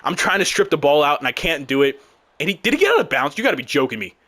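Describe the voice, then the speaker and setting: A young man commentating his own football video game, frustrated and exasperated, breaking into loud outbursts. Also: fairly high pitch, sing-song, fast talker. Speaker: gaming YouTuber. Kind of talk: live gameplay commentary.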